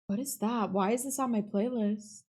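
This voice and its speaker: A woman's voice: a little high, moderate pace, a little mellow, husky. A young woman streamer reading a visual novel aloud and chatting with her viewers between lines. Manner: chatty, reacting and reading between asides to chat.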